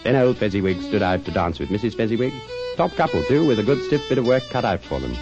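Man, storybook narrator, expressive dramatic reading, lowish voice, dull lo-fi recording, faint music. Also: fast.

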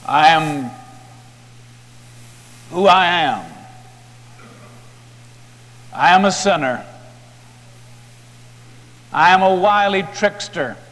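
A man's voice: sits high, expressive, very slow, pauses often, a bit bright, long reverb tail, full character voice. A man voicing a desperate, guilt-ridden man who pleads with intensity. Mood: confessing.

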